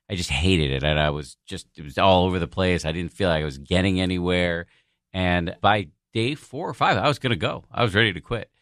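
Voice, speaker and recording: A man's voice: low-pitched, fairly bright tone, no room sound, studio quality. A man guesting on a podcast, telling a personal story in a candid, self-deprecating way with the odd swear word. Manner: frank and profane, self-deprecating.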